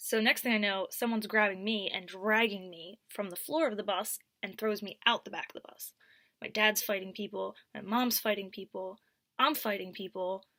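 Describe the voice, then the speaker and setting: A young woman telling a storytime vlog, animated, dropping to whispers and then rising to loud bursts. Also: medium pitch, normal speed, no room sound, studio quality. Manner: animated, swings from whispers to near-shouts. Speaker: vlogger.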